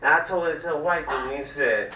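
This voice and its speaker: A man from the American South doing a loud, profane, rambling stand-up set in a small cafe comedy room. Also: fairly high pitch, fast talker, a crowd in the background. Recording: echoey room, mic at a distance.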